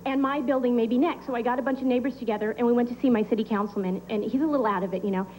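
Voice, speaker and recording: A woman performing a stand-up comedy set, delivering deadpan one-liners with pauses for laughs on a club stage. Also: a little high, slight background noise, rough recording. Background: audience laughter.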